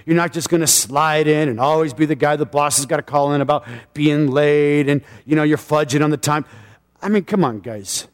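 Passionate high-voiced preacher in a hall. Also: male voice, moderate pace, clear, resonant tone. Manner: passionate preaching, swings from loud to quiet. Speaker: pastor. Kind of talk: sermon.

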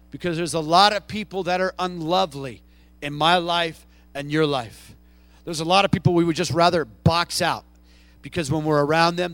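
Middle-aged guy preaching hard, high voice, dry close sound, gets loud then quiet. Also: dry recording. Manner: impassioned preaching, swings from soft to loud. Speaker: pastor. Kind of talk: sermon.

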